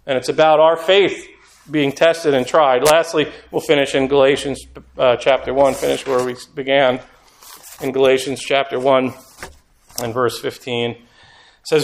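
A man's voice: medium pitch, level tone, a little slow, a little hiss or hum. Earnest male preacher in an echoey hall. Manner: earnest, conversational, acts out quotes. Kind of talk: sermon. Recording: echoey room.

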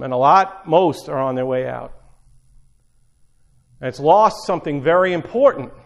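A man's voice: mid-range voice, muffled recording. A middle-aged man preaching an informal sermon, talking conversationally and repeating phrases for emphasis.

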